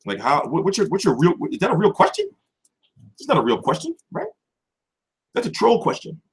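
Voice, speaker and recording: A man's voice: high-pitched, wildly swooping pitch, brisk, breathy edge. A young man hosting a boxing channel, answering viewers in a heated, profane livestream chat.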